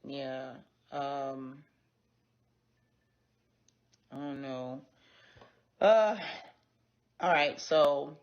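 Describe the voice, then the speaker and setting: A woman hosting a casual livestream, talking bluntly and with plenty of profanity straight to her viewers. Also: low-pitched. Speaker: livestream host. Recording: dull lo-fi stream audio.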